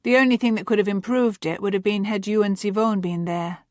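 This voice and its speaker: A woman's voice: mid-range voice, fairly even intonation, fairly quick, a little mellow, no room sound, clean studio sound, close to an everyday voice. A woman voicing a playful, teasing young woman who reads her sister's letter with theatrical flair.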